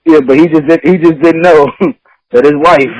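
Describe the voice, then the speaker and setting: A man's voice: a little high, rough recording. A man talking on a casual podcast. He laughs often, swears freely and acts out the people in his stories. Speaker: podcast host.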